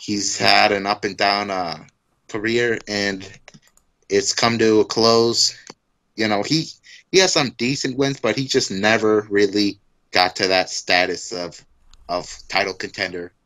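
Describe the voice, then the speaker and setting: A man co-hosting a casual fight recap podcast, talking loosely with many halting fillers. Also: on the low side, steady tone, bright, forceful tone, rough recording. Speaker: podcast co-host.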